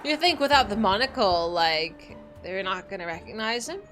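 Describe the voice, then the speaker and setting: Young woman, streamer, playful, lively expressive pitch, faint background music. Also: normal speed. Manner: playful, teasing. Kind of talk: reading game story aloud and chatting.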